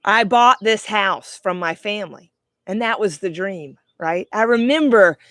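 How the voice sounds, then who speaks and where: A middle-aged woman life coach giving a heartfelt, reflective monologue, slowing down for emphasis. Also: medium pitch, lively intonation, a bit bright, no echo. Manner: heartfelt, slow and emphatic in places. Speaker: life coach, podcast host.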